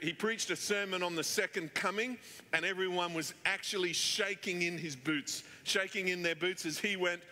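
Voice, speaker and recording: A middle-aged pastor with a high, bright, forceful voice preaches at a moderate pace, chatting his way through anecdotes with lots of fillers. The sermon is recorded in an echoey church hall.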